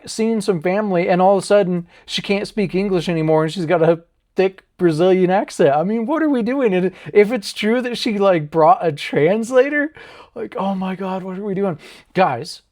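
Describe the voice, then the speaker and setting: A fairly high-voiced American man hosts a loose, chatty MMA breakdown. He rambles, swears freely and cracks jokes at his own expense. The delivery is casual and off the cuff. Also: darkish tone. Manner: rambling, profane, jokey, laughs at himself. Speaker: MMA channel host. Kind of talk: casual fight breakdown vlog.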